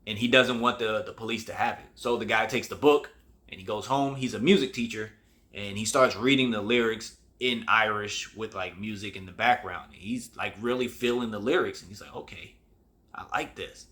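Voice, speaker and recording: A man's voice: on the low side, a little fast, fairly bright tone. A man hosting his own show, giving a casual movie review in a rambling, conversational way with many restarts. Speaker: host.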